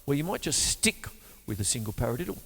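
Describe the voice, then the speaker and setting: A man's voice: mid-range voice, very animated, fast, long reverb tail. A man teaching drums in a chatty, jokey way, counting beats aloud while he plays. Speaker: drum teacher. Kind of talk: drum lesson with counting aloud. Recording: loud drum kit playing over the voice. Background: drum kit.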